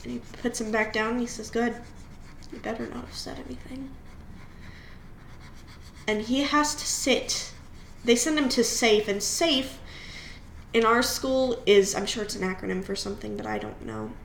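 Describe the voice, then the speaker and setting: A woman hosts a relaxed storytime with a slightly high voice, chatty and prone to restarting her sentences. The room gives her voice a noticeable echo. A faint hiss sits underneath. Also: moderate pace. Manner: chatty, rambling storyteller with self-corrections. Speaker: channel host. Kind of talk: casual storytime while coloring.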